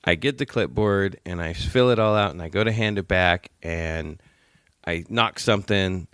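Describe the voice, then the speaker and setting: A podcast co-host with a clear, resonant voice tells a story at normal speed in casual conversation. The sound is clean and studio-quality, with no room sound. He's an animated storyteller who acts out the quotes in high squeals.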